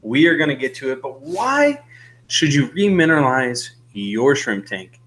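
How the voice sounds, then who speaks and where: A man's voice: mid-range voice, fairly bright tone. A young man hosting a casual live-stream chat, rambling and laughing nervously, a little out of breath. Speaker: host.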